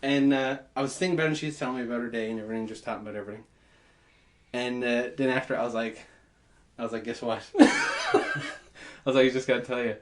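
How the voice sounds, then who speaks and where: A man telling a story in casual podcast chat, animated, laughing and swearing as he goes. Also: medium pitch, fast talker. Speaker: podcast host.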